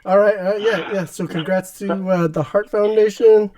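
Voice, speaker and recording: A man's voice: high voice, fairly even intonation, moderate pace, a little mellow, a little hiss or hum. A man co-hosting a casual fantasy league chat, easygoing and laughing as he runs through results.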